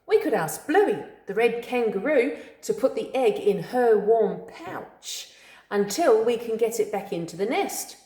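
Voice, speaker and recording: A woman voicing a young female emu chick in a storybook, eager and bright. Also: a little high, very animated, a little slow. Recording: echoey room.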